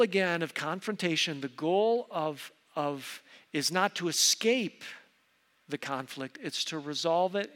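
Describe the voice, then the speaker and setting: A middle-aged male pastor preaches in an earnest, emphatic way, often repeating a word as he presses his point. His voice sits a bit high for a man. The sound rings out with the long reverb of a church sanctuary. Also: a bit bright. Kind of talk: sermon.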